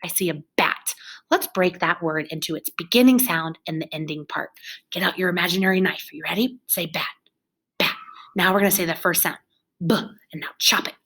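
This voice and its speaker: A woman's voice: lowish voice, a little fast, fairly bright tone, slightly rough. A woman teaching young children in a recorded lesson, with an encouraging, exaggerated teacher voice.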